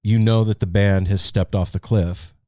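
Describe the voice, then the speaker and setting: A man's voice: lowish voice, steady tone, moderate pace, warm tone, no echo, studio quality. A man hosting a podcast, chatting casually and telling stories, often repeating words as he starts. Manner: thoughtful, tells anecdotes, stumbles on repeats. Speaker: podcast host. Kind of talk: casual conversation.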